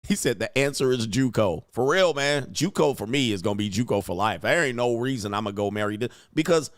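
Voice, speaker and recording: A man's voice: mid-range voice, expressive, a little fast, no echo, studio quality. A man hosting a reaction commentary show, talking in a blunt, crude and mocking way with lots of slang. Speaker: commentary host.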